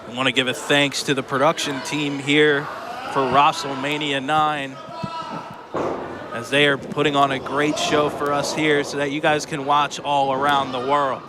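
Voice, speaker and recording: A man calling a live college wrestling show play-by-play on a headset, excitable and joking, correcting himself as he goes. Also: a little high, moderate pace, background noise. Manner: excitable, jokey, self-correcting. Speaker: play-by-play commentator. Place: college student center wrestling event.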